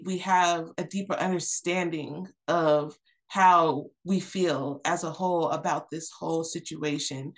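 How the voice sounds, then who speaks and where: A woman in her thirties, a podcast guest, talking earnestly and reflectively with many fillers and restarts. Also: lowish voice. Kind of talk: candid personal conversation.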